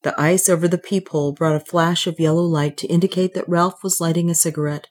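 Low-voiced woman reading a story. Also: fairly even intonation, brisk. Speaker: narrator. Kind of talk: scripted audiobook narration.

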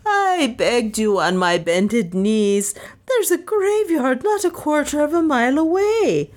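A woman voicing a hysterical, terrified woman servant in a shrill, squealing voice. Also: animated, a little slow.

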